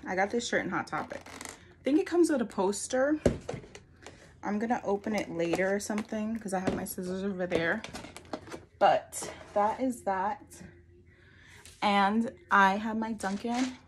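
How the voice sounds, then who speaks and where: A woman's voice: mid-range voice, steady tone, moderate pace, background noise. Chatty, slightly breathless young woman vlogger. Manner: chatty, rambling, full of "like". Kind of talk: casual haul vlog.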